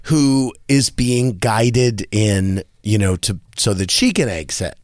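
A man hosting a radio talk show, telling a story in a casual, animated way and acting out the people he quotes. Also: takes it slowly, no echo, studio quality. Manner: animated, acts out quoted voices in a higher pitch. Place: radio studio.

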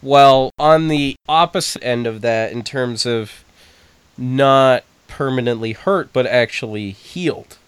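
A man in a casual podcast chat who explains cases in a measured way. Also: medium pitch, clean tone, dry recording.

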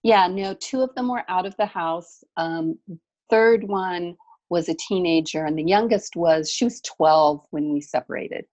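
A middle-aged woman from California, a guest telling her story in a reflective way with many soft pauses. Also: fairly low pitch, low-quality recording. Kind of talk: personal storytelling in conversation.

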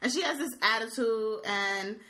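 Bright, animated woman recapping a story. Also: a little high, normal speed, a little hiss or hum, low-quality recording. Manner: animated storytelling, lots of "like", acts out quotes, laughs often. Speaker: co-host recapping a video. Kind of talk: casual chat.

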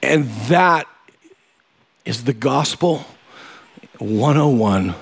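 A man's voice: medium pitch, lively intonation, extremely slow, gravelly, long pauses, slightly rough. A male pastor preaching in a conversational way, telling a funny, self-deprecating story and often asking listeners directly if they follow. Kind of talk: conversational sermon.

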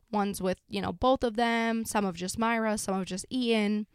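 A woman with a smooth, clear voice narrates a true crime story in a loose, chatty way, full of fillers. She sounds close and dry, with no room around her. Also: a little high, no echo. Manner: casual, sombre retelling with frequent fillers. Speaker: podcast host.

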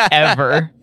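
A male podcast co-host in casual chat, animated and mock-outraged, often laughing. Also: a little high, dry recording.

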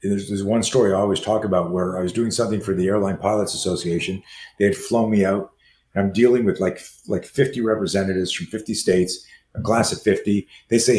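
Man in his sixties, low voice, animated storyteller, roomy echo, faint background ambience. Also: a little hiss or hum. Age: 60s. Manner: acts out quoted dialogue, fast lively delivery. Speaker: self-defense trainer and guest.

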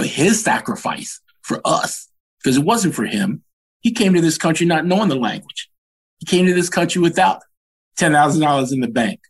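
A man's voice: medium pitch, slightly rough. A man in his sixties from Washington, DC, a podcast guest telling stories about his upbringing in an earnest, reflective way. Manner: earnest, animated when recounting anecdotes. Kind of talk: reflective storytelling.

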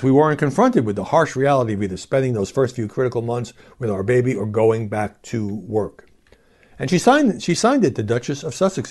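A man talks through his solo podcast in a wry, animated way, dropping mocking asides. His pitch swings up and down a great deal, sitting in a middle range for a man. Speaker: podcast host.

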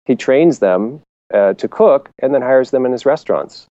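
A man's voice: mid-range voice, expressive, normal speed, warm tone, no room sound, dull audio. A man co-hosting a casual marketing podcast, rambling with restarts and laughter. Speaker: podcast co-host. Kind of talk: casual chat.

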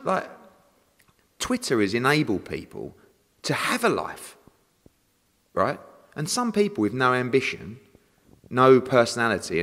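A fairly low-voiced man rants in a casual interview, his pitch swinging widely as he swears and acts out exchanges. The room carries a long reverb tail. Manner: animated, swearing, ranting with acted-out exchanges. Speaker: boxing promoter, interview guest.

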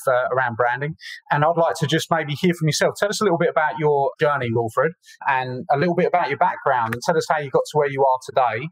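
Male podcast host, mid-pitched, chatty and encouraging, recorded dry. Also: no echo, rough recording. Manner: chatty and encouraging, many fillers. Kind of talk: casual interview hosting.

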